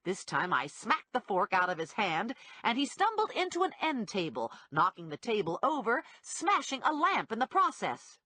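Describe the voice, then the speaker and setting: Lively woman narrating an audiobook. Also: mid-range voice, normal speed, hardly any pauses, dry recording. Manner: lively, wide-ranging delivery with acted character voices. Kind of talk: scripted first-person audiobook narration.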